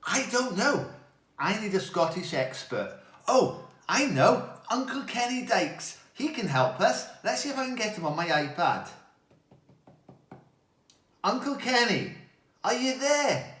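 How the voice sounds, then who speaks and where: A man giving a playful, animated talk to children. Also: sits high, unhurried, pauses often, roomy sound. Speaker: children's speaker.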